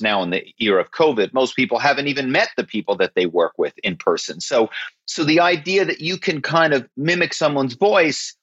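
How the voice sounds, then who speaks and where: A man telling stories as an interview guest, emphatic and animated, often checking in with "right?". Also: mid-range voice, breathy edge, dry recording. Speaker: guest, former actor and corporate spy. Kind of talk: interview conversation. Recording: slightly dull, dry.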